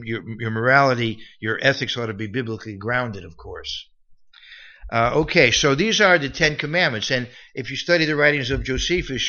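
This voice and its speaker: Male preacher, casual Bible-study delivery, bright voice, mid pitch. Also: highs cut off. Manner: conversational, many restarts and asides. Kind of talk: Bible teaching sermon.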